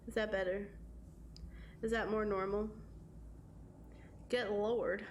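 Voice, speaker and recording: A woman's voice: mid-range voice, little pitch movement, takes it slowly, slight background noise. A young woman livestreaming a game, chatting with viewers in a casual, giggly way and swearing freely. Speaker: live streamer. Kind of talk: casual gaming stream chat with viewers.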